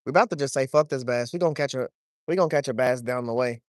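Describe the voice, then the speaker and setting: A young man, talking to his chat while wading and fishing, swearing freely and getting excited over a fish. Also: medium pitch, fast talker, dry recording, clean studio sound. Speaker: fishing vlogger. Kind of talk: casual vlog narration while wading. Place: outdoors, wading in a shallow creek.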